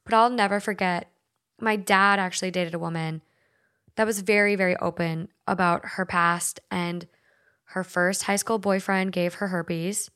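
A woman's voice: on the low side, steady tone, a little slow, a bit bright, clear, resonant tone. A young woman from Minnesota hosting a podcast, chatting casually, swearing freely and using lots of filler words. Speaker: podcast host. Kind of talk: casual chat, reading stories aloud.

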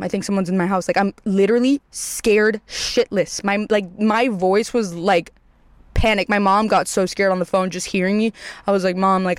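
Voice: medium pitch, clean tone, no echo. A young adult casually telling a story, rambling with lots of filler words and swearing.

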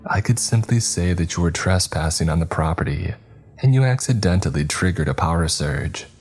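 A cold, composed woman in charge of a secretive facility, as a deep-voiced male narrator puts her on. She probes with smooth, clipped authority, pitched lifted from a very low base. Faint music sits under the horror-story reading. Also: lively intonation, normal speed, darkish tone. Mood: cool.

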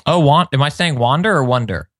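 A man's voice: fairly high pitch, animated, brisk, fairly bright tone, dry recording, studio quality. A man co-hosting a podcast, talking casually and rambling, often correcting himself mid-sentence. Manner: rambling, self-correcting, spelling things out. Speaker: podcast co-host.

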